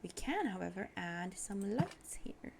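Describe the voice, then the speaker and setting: A young woman with a medium-pitched, gravelly, sing-song voice speaks a little slowly while streaming a building game, against background music and noise. In her bubbly, giggly gameplay chat she describes each thing she does aloud.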